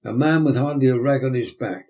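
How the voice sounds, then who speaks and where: A man's voice: mid-range voice, a little fast, a little mellow, voice pushed up, natural voice. A man voicing a pompous, self-important male parish beadle, blustering and indignant.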